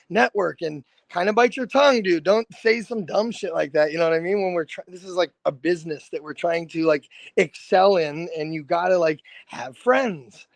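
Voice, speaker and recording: A rock band's lead singer chats as a guest, his voice high and full of grit. He tells stories in a loose, animated way and swears freely. The sound is close and dry. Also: vocal fry, no echo. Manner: animated, swears freely, says "dude" often. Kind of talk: casual storytelling.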